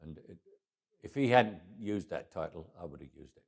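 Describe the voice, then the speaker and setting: Older man, London accent, very low voice, wry anecdotal storytelling, halting restarts. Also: lively intonation, gravelly. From England. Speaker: interviewee. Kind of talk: casual interview storytelling.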